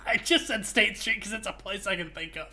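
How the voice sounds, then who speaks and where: A streamer with a medium-pitched voice chats casually at a moderate pace while playing a game. The talk rambles, full of animated energy and jokes.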